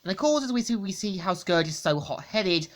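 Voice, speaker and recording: A woman's voice: mid-range voice, lively intonation, brisk. A woman reviewing a comic book in a casual, rambling plot recap, repeating stock phrases.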